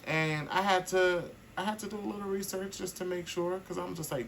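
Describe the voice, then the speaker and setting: A man co-hosting a podcast in casual, candid chat, animated and quick to laugh. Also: high-pitched, a little hiss or hum, low-quality recording. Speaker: podcast co-host.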